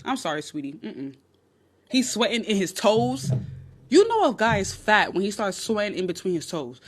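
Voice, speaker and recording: Blunt, animated woman with a New York accent. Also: medium pitch, normal speed, husky. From Nigerian, raised in New York. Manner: blunt, animated, crude humor. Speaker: dating advice livestream host. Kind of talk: casual livestream chat. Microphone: phone.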